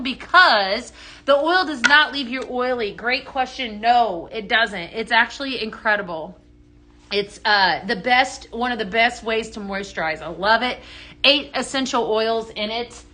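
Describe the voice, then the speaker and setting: A woman hosting a live shopping stream, chatting bubbly and warmly greeting viewers by name as she shows products. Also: on the high side. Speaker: live sales host.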